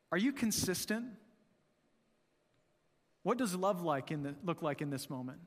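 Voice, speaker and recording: A man with a high, light voice preaches a sermon in a casual, conversational way, checking in with the congregation through constant rhetorical questions. His voice carries a long reverb, as if picked up in a large church hall. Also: animated, normal speed, pauses often, a bit bright. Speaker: pastor.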